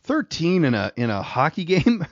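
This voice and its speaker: A middle-aged man co-hosting a podcast, spinning a rambling anecdote and chuckling as he goes. His voice sits at an ordinary pitch, recorded dry and a little dull, as from a home setup. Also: huge pitch swings, normal speed, no echo. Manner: rambling, laughs through his stories. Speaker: podcast co-host. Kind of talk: casual storytelling chat.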